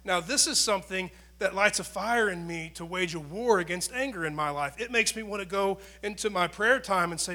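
A middle-aged male pastor with a high, bright, forceful voice delivers a conversational sermon. He talks earnestly, punching some phrases loudly and dropping others to near-quiet asides. A faint electrical hum sits under the recording. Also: fairly quick, hardly any pauses. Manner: conversational, earnest, swings between loud emphasis and quiet asides.

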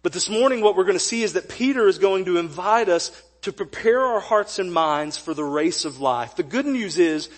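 A young man preaching a sermon as pastor, telling a personal story in a jokey, animated way with acted-out quotes. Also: sits high, moderate pace, hardly any pauses. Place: church sanctuary.

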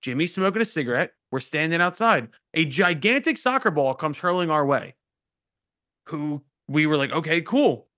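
A man's voice: on the high side, lively intonation, normal speed, bright, forceful tone. A man hosting a podcast, telling loose, profane stories in casual chat. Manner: loose, profane storytelling with laughs. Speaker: podcast host.

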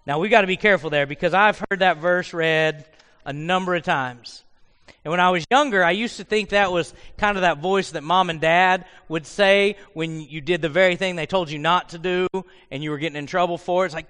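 A man preaching a sermon in a church and telling the story with lively acted-out voices. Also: high-pitched, brisk, long reverb tail. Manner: animated storyteller who acts out voices. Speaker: pastor. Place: church sanctuary.

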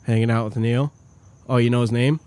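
A man's voice: mid-range voice, steady tone, brisk, warm tone, no echo, natural voice. A man voicing a rude, arrogant young male rock singer who snarls hostile, profane questions. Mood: snarling.

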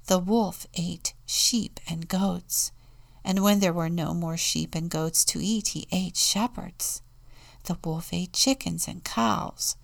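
A woman deacon reading a children's storybook aloud in a slow, soft, often hushed manner. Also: lowish voice, gravelly.

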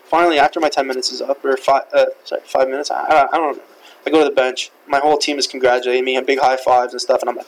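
A man's voice: medium pitch, fairly even intonation, fast, background noise. A young man whose first language is French, hosting a podcast and telling a rambling, profane story full of fillers. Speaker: podcast host. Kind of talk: casual storytelling.

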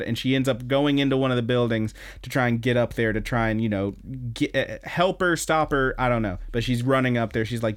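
A young man hosts a podcast, casually rambling through a recap of an anime episode and acting out the lines in an animated retelling. His voice is medium in pitch, and he talks fairly quickly with hardly any pauses.

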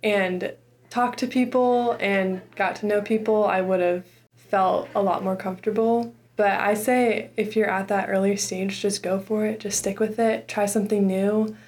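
A woman's voice: medium pitch, fairly even intonation, a little slow, a little mellow. A young woman in her twenties, a student podcaster, talking earnestly and casually with many likes and ums. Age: 20s. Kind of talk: casual interview.

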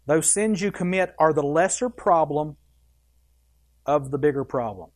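A male pastor delivering a sermon in a church, his voice swinging from loud, stressed phrases down to quiet, low asides. He speaks straight to the people in the pews and puts questions to them. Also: expressive, measured pace. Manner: emphatic preaching with wide swings in loudness and pace; addresses the congregation directly with questions.

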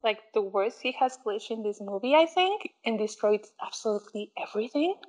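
A woman's voice: a little high, a little fast, poor audio. A young woman chatting casually as a podcast co-host, retelling a movie scene by scene, acting out the lines and laughing often. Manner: animated storyteller who acts out quotes, laughs often. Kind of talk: casual chat recapping a movie.

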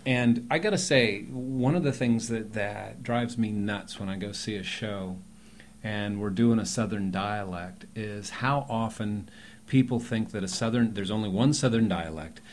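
A low-pitched man who teaches acting, speaking in a relaxed podcast chat. He rambles easily and leans hard on certain words now and then, over a faint hiss. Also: a little slow. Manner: chatty and rambling, with emphatic bursts.

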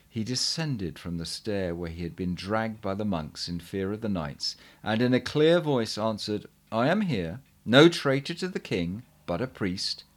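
Low-voiced man reading a chronicle aloud. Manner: measured, earnest reading with occasional stumbles. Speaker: reader.

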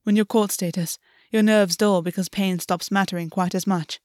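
A woman voicing a calm, teasing male fae lover who speaks in a low, soothing murmur, from a reader of fan fiction. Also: normal speed, dry recording, studio quality, close to an everyday voice.

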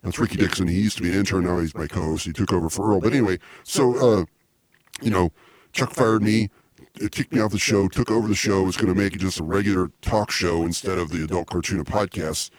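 A man hosting a comedy podcast, rambling excitably with many restarts. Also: low voice, quick pace. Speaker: podcast host.

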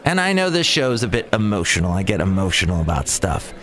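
A podcast host records a rambling solo episode outdoors near a cafe, his low voice swooping up and down as he talks fast. He sounds animated and exasperated, constantly drifting off on tangents.

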